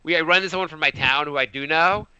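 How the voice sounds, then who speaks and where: A man on a podcast with a high, very bright voice, telling stories with big swings in pitch and acting out what others said. The sound is dry and a little muffled. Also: rapid-fire, clear, resonant tone, no echo. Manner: animated storytelling with voiced quotes. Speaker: podcast co-host. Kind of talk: casual chat.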